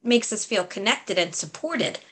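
A woman's voice: medium pitch, lively intonation, a little slow, a bit bright. A woman hosting a podcast interview, affirming her guest and asking reflective questions. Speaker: podcast host.

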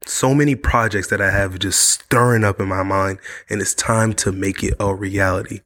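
A man's voice: on the low side, steady tone, moderate pace, fairly bright tone. A man hosting his own podcast, talking earnestly and repetitively to camera while sick and worn out. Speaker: podcast host. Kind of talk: casual monologue to camera. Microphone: studio mic.

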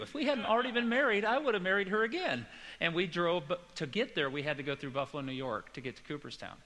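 A man preaching in a church hall, telling personal stories and turning to the audience with questions. His voice is bright and forceful at an ordinary middle pitch. A long hall reverb trails behind his words. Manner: chatty storytelling with personal anecdotes and asides to the audience. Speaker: pastor teaching a Bible study. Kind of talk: conversational sermon.

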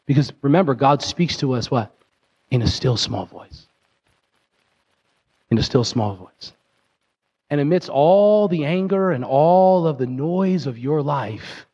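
A man preaching a sermon, talking straight to his listeners with frequent "right?" checks, climbing higher and more intense in places, then dropping low and quiet to press a point. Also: slightly rough, highs cut off. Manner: rises in pitch and builds intensity, drops low and quiet for emphasis. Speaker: pastor.

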